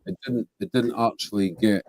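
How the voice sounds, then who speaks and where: A man's voice: fairly low pitch, fairly even intonation, normal speed, a little mellow, no echo. A man hosting a live online show, swearing freely and bantering with his guest. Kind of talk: casual live-stream chat.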